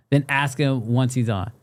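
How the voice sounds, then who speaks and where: A man hosting a casual livestream talk show, joking with his co-host and reading chat out loud. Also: mid-range voice. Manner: playful, laughing, reads chat aloud. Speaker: podcast host.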